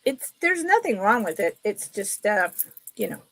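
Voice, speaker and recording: A middle-aged woman chatting casually while selling jewelry on a live sale, telling stories in an animated way. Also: medium pitch, normal speed, dry recording.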